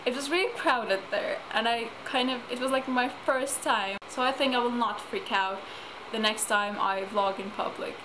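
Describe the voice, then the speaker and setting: A woman's voice: fairly high pitch, normal speed, hardly any pauses. A teenage girl chatting casually in a home vlog, giggling often. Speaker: vlogger. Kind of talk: casual chat. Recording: noisy home video.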